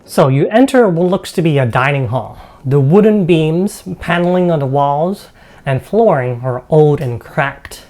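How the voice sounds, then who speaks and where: Low-voiced woman game master. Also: measured pace. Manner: steady descriptive reading with asides. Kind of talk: narrating a tabletop game.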